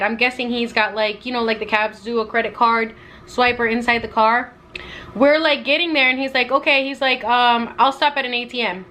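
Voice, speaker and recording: Bright-voiced young woman telling a story. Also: a little high, a little hiss or hum. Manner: animated, acts out quotes with lots of "like". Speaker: travel vlogger. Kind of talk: casual storytelling to camera.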